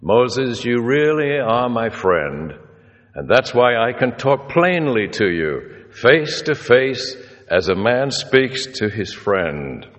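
A man's voice: mid-range voice, very animated, takes it slowly, lo-fi sound. A male preacher voicing God in a sermon, stern but fond, in a plain conversational way. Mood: firm. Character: God, stern yet fond toward his friends. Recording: reverberant hall.

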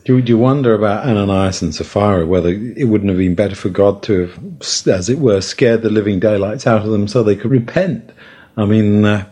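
A man's voice: on the low side, a little fast, dark tone, husky. A man taking part in a Bible study discussion, speaking hesitantly with many fillers and restarts. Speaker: discussion participant.

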